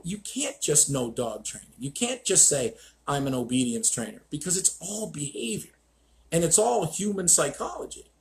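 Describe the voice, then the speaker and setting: A man's voice: on the high side, big pitch swings, moderate pace, creaky, slight background noise. Blunt, profane man ranting on a stream. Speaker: host, dog trainer. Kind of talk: live-stream monologue.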